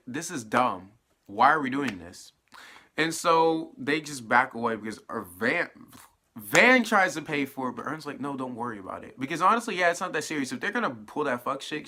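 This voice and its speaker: A young man in his late teens giving a casual, animated, profanity-laced spoiler recap of a TV episode. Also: a little high. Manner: animated, profane storytelling with fillers. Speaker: TV episode reviewer.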